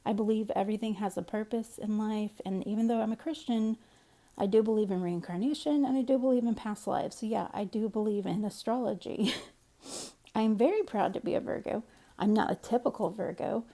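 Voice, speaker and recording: Woman, casual storyteller; soft, warm tone, rambling and candid. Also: medium pitch, fairly quick.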